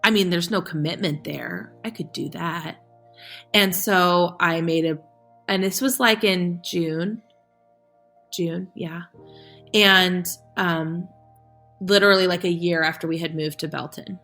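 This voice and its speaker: Woman, thirties, podcast guest, casual storytelling, animated, bright tone. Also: on the low side, unhurried, soft background music. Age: 30s. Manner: animated, acts out quoted dialogue, laughs often.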